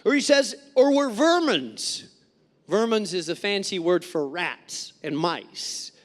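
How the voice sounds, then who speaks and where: A man preaching a sermon as a pastor, telling stories in an animated way and acting out the voices of people in them. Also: high-pitched, takes it slowly, in a large hall. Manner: animated storytelling with acted-out quotes. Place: church sanctuary.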